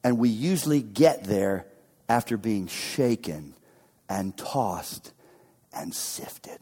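A male pastor giving a sermon, swinging between loud emphatic bursts and near-whispers and repeating key phrases for emphasis. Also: fairly low pitch, expressive, takes it slowly, slightly rough. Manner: dramatic swings from shouts to whispers. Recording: long hall reverb.

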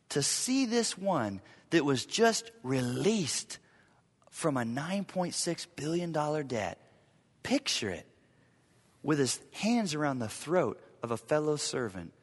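A man preaching a sermon, with dramatic swings from loud urgency to hushed, near-whispered lines. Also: fairly high pitch, very animated, slow pace, pauses often, breathy edge. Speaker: pastor. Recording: long reverb of a large hall.

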